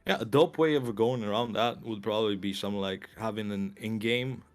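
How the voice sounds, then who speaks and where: Male guest, low pitch, relaxed and loose-tongued, faint music in background. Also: moderate pace. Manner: laid-back, swears freely. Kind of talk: casual chat.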